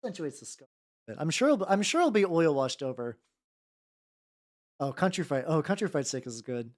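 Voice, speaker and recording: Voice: medium pitch, big pitch swings, moderate pace. A streamer chatting casually with a live chat while painting miniatures, rambling, swearing freely and trailing off mid-thought. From United States.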